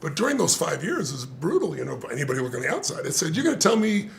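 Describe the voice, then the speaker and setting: An older man telling a personal story in conversation, acting out quotes with sudden jumps in pitch and bursts of shouting. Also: big pitch swings, racing, creaky. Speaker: motivational speaker.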